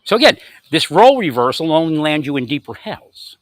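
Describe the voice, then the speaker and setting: A man's voice: a little high, sing-song, brisk, no room sound. A man delivering a confrontational monologue, angrily ranting at unseen opponents. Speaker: vlogger.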